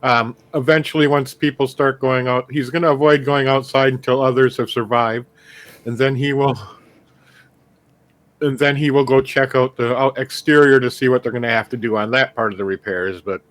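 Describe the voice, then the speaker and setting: A man's voice: mid-range voice, fairly even intonation, moderate pace, fairly bright tone. A man describes his character in a tabletop game, rambling loosely with restarts. His voice sits in a middle range. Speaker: player.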